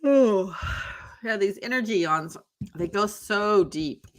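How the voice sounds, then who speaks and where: A woman's voice: mid-range voice, expressive, slow. A woman hosting a tarot live stream from her home office, chatting loosely with viewers, addressing them by name and yawning now and then. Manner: chatty, rambling, talks to viewers by name, yawns often. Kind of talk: casual chat on a live stream.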